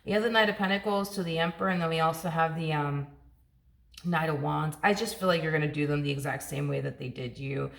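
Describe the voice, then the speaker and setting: A woman's voice: deep voice, quick pace, gravelly, echoey room. A woman giving a casual tarot reading, chatty and repetitive, with plenty of filler words. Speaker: tarot reader.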